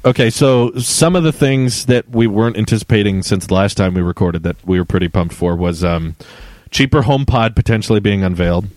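Lively young man in dry close sound. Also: lowish voice, fairly quick, dry recording. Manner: laughs often, animated. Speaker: podcast co-host. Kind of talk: casual tech chat.

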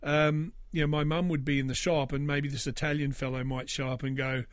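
A man's voice: a little high, flat delivery, brisk, no echo. An Australian man in his forties telling a personal story, rambling with fillers and restarts and dropping wry asides. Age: 40s. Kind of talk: casual storytelling.

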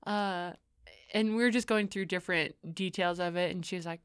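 Smooth-voiced young woman, chatty podcast host. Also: on the low side, brisk, no room sound, studio quality. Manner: lively storytelling, acts out quotes. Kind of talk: casual chat.

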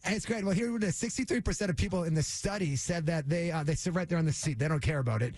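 Teasing Boston radio co-host. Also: male voice, fairly high pitch, fast talker, darkish tone, dry recording. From Massachusetts. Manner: playful, teasing, reads studies aloud. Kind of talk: morning radio banter.

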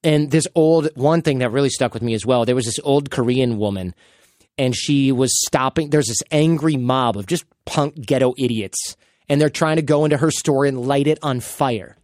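Here a thirty-something man hosts a podcast at a moderate pace and medium pitch. He's an animated storyteller, casually chatting and acting out quotes. Clean studio audio, no echo.

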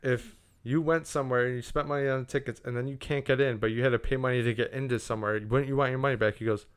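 A man's voice: mid-range voice, fairly even intonation, fast talker, clear, resonant tone. A young man casually telling a profane story on a podcast, acting out what everyone said.

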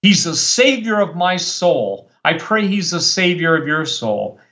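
A man's voice: a little high, very animated, measured pace, pushed and bright. A man speaking as a guest preacher on a talk show, worked up and fiery, rambling with many restarts. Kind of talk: impassioned talk-show monologue.

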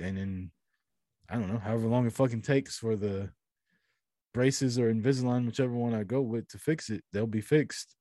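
Male podcast host, slight lisp, husky tone, crude casual banter. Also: no room sound, studio quality. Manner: crude, animated storytelling with sudden high exclamations.

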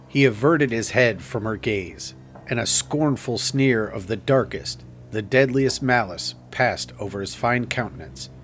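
A man narrating a gothic tale as an audiobook in a measured, grave manner. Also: medium pitch, faint music behind.

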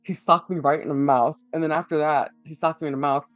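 A man giving a halting personal account in an interview, full of fillers and restarts. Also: fairly high pitch, steady tone, fairly bright tone, no room sound, faint music behind.

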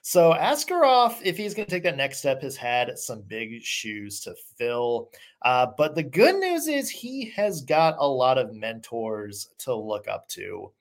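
A sports podcast host talking casually, relaxed, with frequent "uh" fillers. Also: medium pitch, measured pace.

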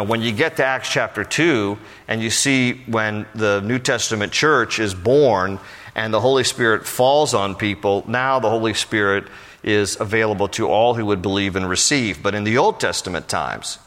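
Male preacher, sermon, reads scripture then explains casually, forceful bright tone, long hall echo. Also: fairly low pitch, normal speed. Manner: reads verses aloud, then breaks off to explain in casual speech; animated paraphrase with rising emphatic questions.

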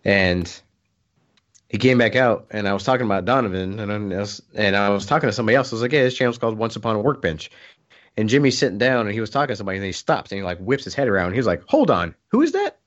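Man, lowish voice, casual storytelling, animated, muffled lo-fi sound. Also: very fast. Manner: animated, acts out quoted voices. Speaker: podcast co-host. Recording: muffled lo-fi recording.

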